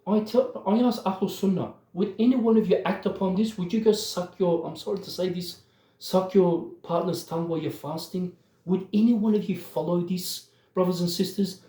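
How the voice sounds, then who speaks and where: A man's voice: high-pitched, normal speed, dark tone, echoey room. A man giving impassioned religious commentary, emphatic and worked up, often turning to address his listeners directly.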